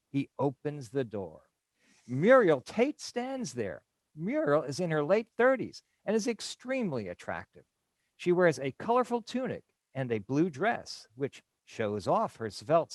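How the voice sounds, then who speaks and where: Man reading stage directions, lively pitch. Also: no room sound.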